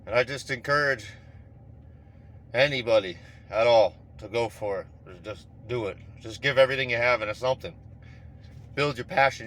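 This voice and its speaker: A man's voice: mid-range voice, a bit bright, slight background noise. Profane, intense man rambling outdoors. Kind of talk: casual motivational monologue.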